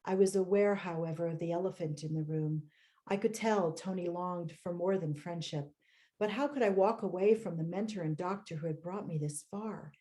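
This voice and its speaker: A woman author reading aloud from her own memoir in a measured, reflective way, with short personal asides, over a home computer mic on a video call. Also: fairly low pitch, dark tone.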